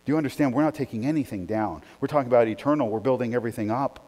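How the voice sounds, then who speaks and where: A man preaching a sermon as pastor, shifting from quiet reflection to animated, emphatic delivery. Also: mid-range voice, racing, in a large hall.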